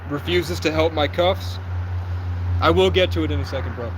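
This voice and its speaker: A young man talks to his livestream from somewhere outdoors, his voice sitting a little high. He tells his story in an agitated, rapid rush and acts out the lines of others as he goes. Faint street and traffic noise runs behind him. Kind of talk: livestream monologue.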